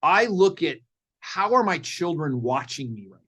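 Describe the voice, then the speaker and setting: A middle-aged man, a parenting coach guest in a podcast interview, telling stories in an animated way and acting out what people said. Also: on the high side, measured pace. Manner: animated storyteller, acts out quotes.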